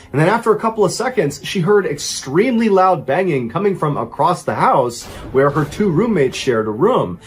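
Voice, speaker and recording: A man telling a true crime story as host, with animated, dramatic emphasis. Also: a little high.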